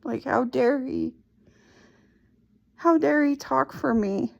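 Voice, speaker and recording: A middle-aged woman slowly and haltingly retelling a painful personal story. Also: high-pitched, gravelly. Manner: slow, halting, emotional retelling. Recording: dull lo-fi recording.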